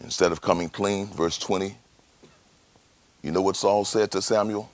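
A man's voice: low voice, steady tone, normal speed. A man preaching a sermon as pastor, dramatic, with rhetorical questions.

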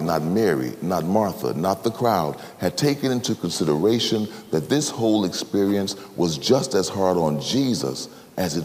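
A male preacher delivers a sermon with dramatic contrasts, moving from emphatic, raised lines to low and quiet ones. His pitch moves widely and expressively. The voice rings out with a long reverb from a large hall. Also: slight background noise. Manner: dramatic, swinging from loud to hushed.

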